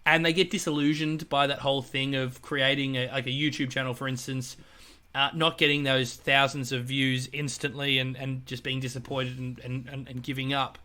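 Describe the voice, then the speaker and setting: A man co-hosting a podcast in casual, joking chat, with quick asides. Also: mid-range voice. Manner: animated, jokey, quick asides. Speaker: podcast co-host.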